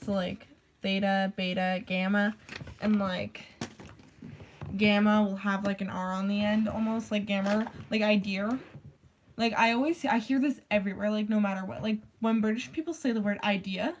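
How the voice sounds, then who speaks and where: A woman's voice: mid-range voice, steady tone, moderate pace, a little hiss or hum. A young woman ranting casually in a vlog, rambling with constant "like" fillers and casual swearing. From United States. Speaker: vlogger. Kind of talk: casual rant.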